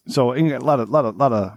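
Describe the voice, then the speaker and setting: A middle-aged man hosting a crude, casual podcast, telling rambling stories with lots of swearing and excited outbursts. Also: medium pitch, no room sound. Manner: profane, excitable storyteller. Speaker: podcast host.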